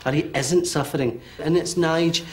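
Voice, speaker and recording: A Scottish man in his forties giving a medium's reading, talking in a quick, animated way with many fillers and checks. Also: a little high, a little hiss or hum. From Scotland. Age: 40s. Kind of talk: live one-to-one reading before an audience.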